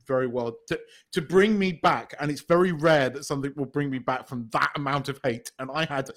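A man's voice: mid-range voice, brisk, a bit bright. A man co-hosting a podcast in casual, emphatic chat, swearing now and then. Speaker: podcast co-host.

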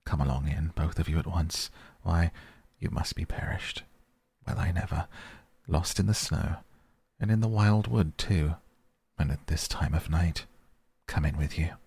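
Deep-voiced man as a gruff old badger, fatherly, raspy, storybook. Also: measured pace, long pauses, darkish tone, dry recording, full character voice. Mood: warm. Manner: gruff, paternal. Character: gruff old male badger, kindly underneath.

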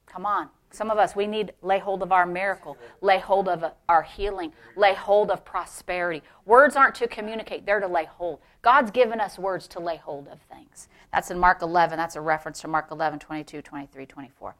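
A middle-aged woman pastor preaching a sermon, swinging between loud, emphatic exclamations and hushed, near-whispered storytelling. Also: fairly low pitch, a little fast, hardly any pauses.

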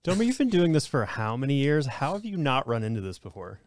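A man's voice: medium pitch, big pitch swings, quick pace, dry recording. A man teasing his co-hosts bluntly in a casual podcast chat, swearing as he talks.

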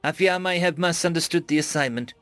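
A man's voice: on the high side, fast talker, a bit bright, no room sound, faint music behind, close to an everyday voice. A man doing a polite, nervous schoolgirl. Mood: hesitant. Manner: polite, hesitant, formal phrasing.

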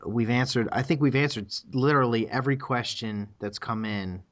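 A man's voice: mid-range voice, a little fast, fairly bright tone. A man co-hosting a podcast, speaking earnestly and directly. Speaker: podcast co-host. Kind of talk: casual podcast chat. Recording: dull lo-fi audio.

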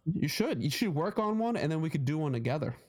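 A man's voice: a little high, sing-song, fast talker. Rambling man chatting on a podcast. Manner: rambling, retells jokes in put-on voices. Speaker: podcast co-host. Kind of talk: casual chat.

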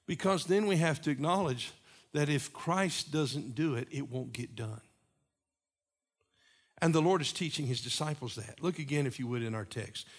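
A pastor preaches a sermon in a slightly high voice for a man. He builds to loud, emphatic peaks, then drops to quiet, repeated phrases for weight. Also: moderate pace.

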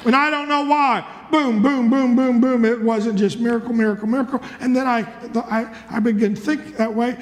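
A male pastor preaching a fervent sermon in a church, with rhythmic repetition and bursts of shouting. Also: very high-pitched, fairly even intonation, normal speed, hardly any pauses, long reverb tail.

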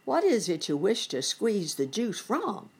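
A woman's voice: mid-range voice, big pitch swings, measured pace, husky, voice pushed up, heavily acted. A woman voicing a big, strong, polite male circus elephant in a children's storybook. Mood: helpful.

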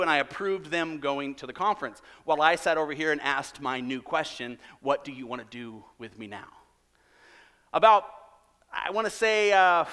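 A man's voice: a little high, sharp tone, clear, resonant tone, big-room sound. A man in his thirties, a pastor preaching a sermon and telling a self-mocking story with acted-out quotes. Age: 30s.

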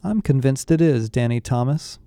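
Man doing cool teen girl, soft and calm, smooth quiet voice. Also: medium pitch, normal speed, dry recording, close to an everyday voice.

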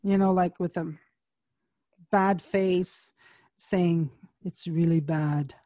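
A woman in casual conversation, telling a personal story in an animated way and acting out the voices of people she quotes. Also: fairly low pitch, slow, no room sound, studio quality.

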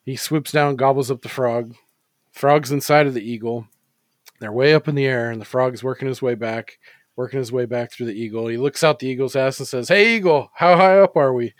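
A drawling frontier businessman spins a crude tall tale in an easy, folksy way, as a man puts on the voice. The voice sits at an ordinary middle pitch. The recording is dry and close. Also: no echo, natural voice. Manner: folksy storytelling.

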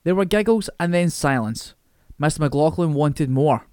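A man narrating a novel in a steady, wry manner. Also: on the high side, moderate pace, no room sound, clean studio sound. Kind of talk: reading a novel aloud.

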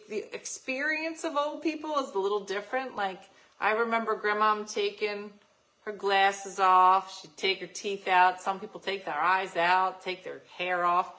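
A woman's voice: medium pitch, pushed and bright, poor audio. A woman co-hosting a morning radio show, chatting casually and rambling a little as she talks.

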